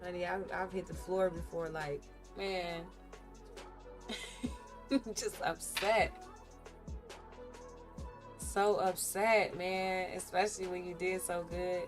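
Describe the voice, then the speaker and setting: A woman's voice: fairly low pitch, flat delivery, takes it slowly, long pauses, music in the background. A woman livestreaming her day trading, chatting candidly and animatedly with viewers about her ups and downs. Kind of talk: casual live-stream chat while trading.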